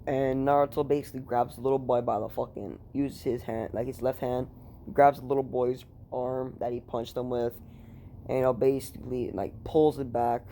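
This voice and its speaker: A man with a medium-pitched, warm voice speaks at normal speed and in a level tone, with a little hiss or hum in the recording. In a room at home, he casually retells a fan story, rambling and swearing with lots of fillers.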